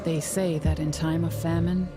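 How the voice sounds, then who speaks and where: An actress playing a grim woman in a thriller trailer who tells a dark legend in a low, solemn voice. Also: flat delivery, moderate pace, over loud music, close to an everyday voice. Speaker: figure in a thriller film trailer. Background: loud film score.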